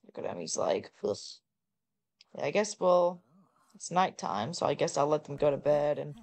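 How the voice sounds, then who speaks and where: A woman giving casual, joking gameplay commentary, blunt and quick to swear. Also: low-pitched, animated, creaky, darkish tone. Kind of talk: casual let's-play commentary.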